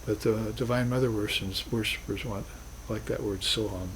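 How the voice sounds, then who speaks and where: Over background noise, a man with a rather low voice gives a recorded class lecture on spiritual philosophy. He talks at a normal speed with fairly even intonation, in an earnest, reflective manner punctuated by emphatic bursts.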